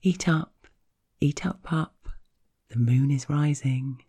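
A man voicing a shy, tender young woman, nervous but eager, speaking soft and half-whispered. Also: mid-range voice, steady tone, slow pace, gravelly, husky, heavily acted. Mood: coaxing.

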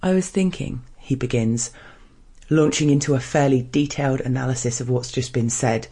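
A man reading an erotic first-person story in a hushed, measured narration. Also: medium pitch, steady tone, husky.

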